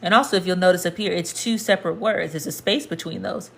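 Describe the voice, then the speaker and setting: A woman's voice: lowish voice, quick pace, gravelly. A woman teaching a casual language lesson, explaining patiently and repeating points to the viewer. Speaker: Spanish teacher.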